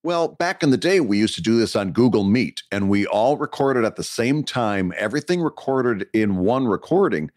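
A man co-hosting a podcast in casual chat, encouraging and quick to laugh, explaining things patiently. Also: on the low side, animated, darkish tone, no echo, studio quality. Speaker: podcast co-host. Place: home studio, recorded remotely.

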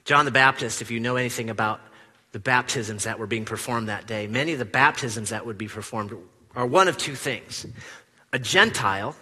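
A man preaching a sermon in a church, animated, acting out the quoted lines with big swings from loud to hushed. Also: medium pitch, normal speed, husky, big-room sound. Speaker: pastor. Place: church sanctuary.

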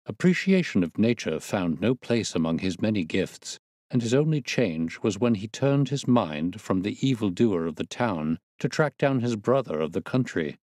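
Low-voiced male storyteller, animated and formal, dry close mic, audiobook narration. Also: no room sound. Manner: measured, formal, expressive reading.

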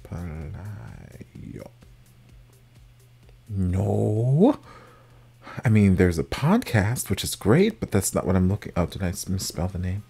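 A man hosting a music reaction video, chatting casually and gushing with animated swings, sometimes whispering. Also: sits low, moderate pace, creaky, breathy edge.

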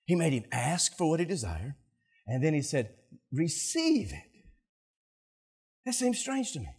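A male pastor preaching a sermon, telling stories with animated delivery and acting out scenes, often repeating words. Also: fairly high pitch, fairly quick, husky.

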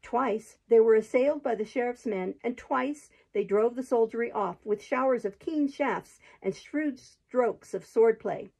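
A woman reading a chapter book aloud in a steady, expressive narrating voice. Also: on the high side, a little slow, vocal fry, few pauses, slightly rough, low-quality recording. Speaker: storybook reader.

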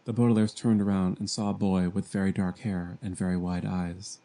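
A man reads a children's novel aloud in a gentle, plain storytelling manner. His voice sits low and mellow, and he raises it for the young characters' lines. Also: flat delivery, normal speed. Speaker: amateur audiobook reader. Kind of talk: fan audiobook reading.

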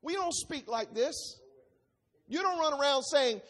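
The speaker is a preacher teaching the Bible expositorily, reading scripture aloud and going through it line by line with emphasis. The voice sits high, sounds a bit bright and expressive, and takes its time.

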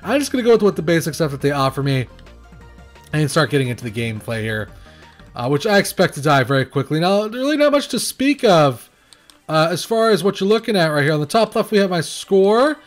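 A fairly high-voiced man talks through a game as he plays it, his pitch swinging widely. He rambles and restarts, filling gaps with hesitant sounds, and blurts out nervous exclamations when the action heats up. Faint music plays underneath. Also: sing-song, fairly quick. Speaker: game reviewer. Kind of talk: casual gameplay commentary.

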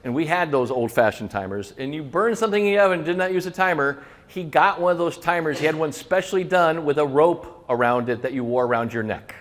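A man's voice: on the high side, animated, fairly quick, hardly any pauses. A middle-aged man, a restaurant consultant, telling kitchen stories in a loose, swearing way and acting out the voices of cooks and chefs. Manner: storytelling, acts out kitchen voices, swears casually. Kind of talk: casual talk to an audience.

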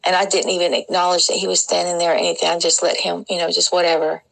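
A woman with a low, gravelly voice tells her dreams in a loose, rambling way. She keeps restarting and wandering into asides as she goes. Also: flat delivery, fast, fairly bright tone, poor audio. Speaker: Christian dream sharer. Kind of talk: casual storytelling of dreams.

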